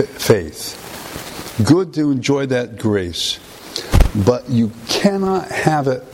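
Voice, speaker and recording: A man preaching a conversational sermon, often pausing and restarting phrases. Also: medium pitch, vocal fry, darkish tone, slight background noise.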